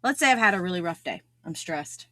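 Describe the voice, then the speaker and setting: A woman's voice: fairly low pitch, expressive, a little fast, a bit bright, dry recording. Earnest woman podcast host, dry sound. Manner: earnest, repeats key phrases for emphasis. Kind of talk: solo podcast talk on self-improvement.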